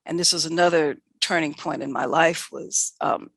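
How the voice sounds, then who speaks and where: An older woman from New York City shares career stories in a conversational interview. Her voice has a slight gravelly texture. She recorded close to the mic in a dry space, and she tells her stories animatedly, full of quoted exchanges. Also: low-pitched, normal speed, no room sound. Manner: animated, self-correcting anecdotes with quoted dialogue. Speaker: veterinarian guest. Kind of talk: candid conversational storytelling.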